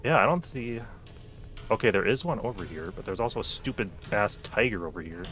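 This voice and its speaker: A man gives loose, casual commentary while he streams a game, joking and talking to the characters he meets. His voice is very low, and faint music plays underneath. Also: sing-song, brisk, fairly bright tone.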